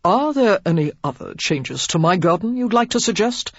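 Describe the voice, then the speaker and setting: A woman's voice: lowish voice, very animated, normal speed, breathy edge, no echo, lo-fi sound. A woman voicing a stern, short-tempered aristocratic lord who speaks in curt, clipped demands.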